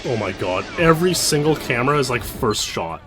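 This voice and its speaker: A man's voice: mid-range voice, expressive, a little fast, over music. A young man hosting a speedrun history show, giving loose, rambling commentary over gameplay with lots of fillers and restarts.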